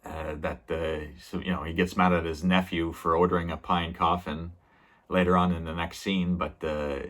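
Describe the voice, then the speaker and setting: Low-voiced casual male reviewer. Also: flat delivery, moderate pace, a bit bright. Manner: rambling, lots of fillers and laughs. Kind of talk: casual episode recap.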